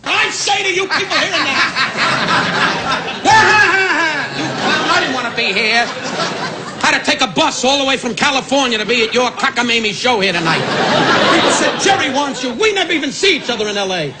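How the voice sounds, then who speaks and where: A man's voice: very high-pitched, lively intonation. An older man doing live insult comedy at a benefit, brashly jabbing at people in the audience. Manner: brash, rapid jabs at audience members. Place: benefit event hall. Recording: live hall tape, loud crowd and noise.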